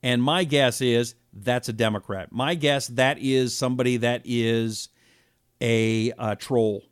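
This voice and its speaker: A middle-pitched man in his fifties hosts a political talk show in a heated, indignant way. He swings from a hushed, somber tone to loud outbursts. The sound is dry and close to the mic. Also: takes it slowly, clean tone, dry recording. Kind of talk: live talk show, reading viewer comments.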